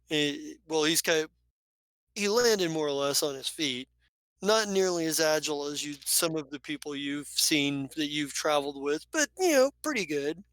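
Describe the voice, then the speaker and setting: Smooth-voiced man running a tabletop game. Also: a little high, fairly bright tone, dry recording, rough recording. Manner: loose, rambling narration with fillers. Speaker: game master.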